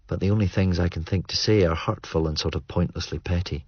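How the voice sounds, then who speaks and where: A man narrating an audiobook in a measured, understated way. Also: deep voice, breathy edge, no room sound. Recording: muffled dry studio read.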